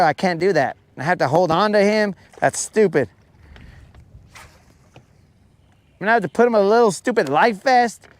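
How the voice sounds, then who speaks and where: A man with a high voice and no echo hosts a fishing show, joking around casually on a boat. His talk is slangy and playful, and he keeps calling people bro and dog.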